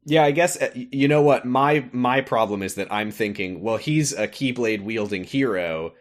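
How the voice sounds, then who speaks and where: A man co-hosting a podcast, recapping a game in casual chat with quick asides and frequent laughs. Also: medium pitch. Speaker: podcast co-host.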